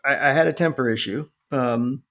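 Gravelly middle-aged man, casual co-host, profane rambling storyteller. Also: medium pitch, normal speed, fairly bright tone. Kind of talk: casual chat.

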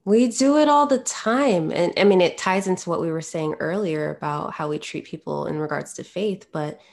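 A woman hosting a casual conversation, calm and reflective, using psychological terms. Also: fairly low pitch, moderate pace, gravelly, a little hiss or hum. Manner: calm, reflective, gives short backchannels.

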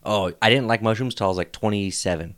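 A man's voice: on the low side, fast talker, a bit bright, no room sound. A man in his late twenties co-hosting a podcast, teasing his friends in casual chat. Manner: teasing, joking, breaks into put-on voices. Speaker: podcast co-host.

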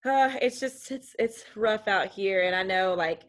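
A woman's voice: mid-range voice, unhurried. A young adult woman in casual conversation, outspoken and emphatic.

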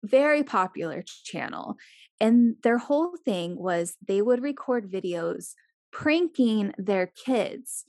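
A young woman chatting casually as a podcast co-host, animated, swearing freely and acting out the people she quotes. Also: medium pitch, slow, no echo, studio quality. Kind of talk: casual chat.

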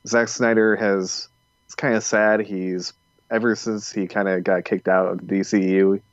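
A man with a lowish voice co-hosting a casual podcast, rambling and sarcastic. The sound is dull and lo-fi. It is also dry, with no sense of a room around him. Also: level tone, normal speed, no room sound. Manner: rambling and sarcastic, many fillers. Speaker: podcast co-host.

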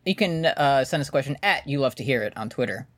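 A man co-hosts a podcast in loose, rambling casual chat, swearing freely as he drifts between topics. His voice sits at an ordinary middle pitch and sounds close and dry, with no room around it. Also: expressive, fast, dry recording. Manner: rambling, laid-back, swears often. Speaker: podcast co-host.

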